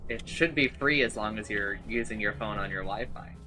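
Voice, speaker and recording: A man's voice: lowish voice, moderate pace, music in the background, rough recording. A man streaming live, chatting casually and a bit flustered as he talks with friends over voice chat.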